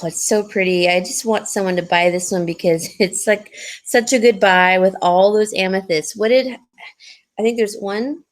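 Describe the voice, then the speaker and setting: A woman hosting a live jewelry sale, chatting casually and giggling, rambling with fillers. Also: medium pitch. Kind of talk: casual live-stream sales chat.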